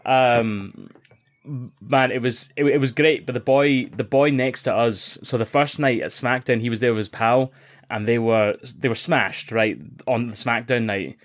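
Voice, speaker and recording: A man talks in a casual podcast chat. He tells stories with animated energy, swears freely and mimics the shouts of people around him. His pitch sits in an ordinary middle range. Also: a little slow. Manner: animated storytelling, heavy swearing, acts out others' shouts. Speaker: podcast co-host.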